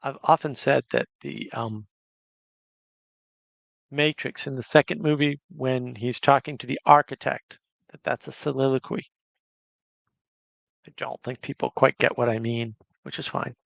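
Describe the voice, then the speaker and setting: Gravelly man hosting a casual livestream. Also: mid-range voice, steady tone, measured pace, pauses often, dry recording. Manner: chatty, reads viewer comments aloud. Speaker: livestream host.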